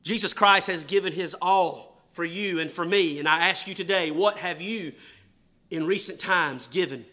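A man preaching a sermon in church, moving from loud, emphatic declarations to slow, hushed questions to the congregation. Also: sits high.

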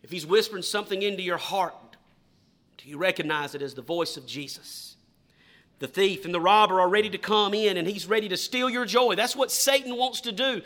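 A man preaching a sermon with a high, bright voice. He drives his points home with loud, slow emphasis, then drops to hushed questions aimed at the congregation. He talks as if he is standing before his own church.

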